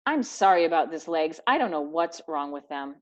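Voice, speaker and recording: A woman's voice: low voice, expressive, moderate pace. A woman voicing a male wolf who leads the gang with earnest, coach-like talk. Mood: apologetic. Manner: encouraging, scolding like a coach. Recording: dull lo-fi recording.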